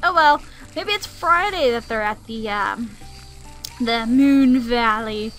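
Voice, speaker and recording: Young woman, let's play commentary, chatty, exasperated, high voice, soft game music. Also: slow pace. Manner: chatty, sings to herself, turns exasperated and grumbling. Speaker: gaming channel host.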